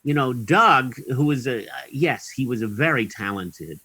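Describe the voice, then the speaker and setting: A man's voice: mid-range voice, expressive, moderate pace, pushed and bright, slightly rough, dry recording, low-quality recording. A man guest in an interview, telling long anecdotes in a rambling way with many ums and chuckles.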